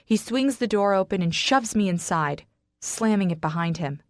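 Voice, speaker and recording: A woman narrating an audiobook in the first person, reading dramatically and with strong emotion, pushing into shouts in the dialogue. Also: lowish voice, normal speed, no room sound, clean studio sound.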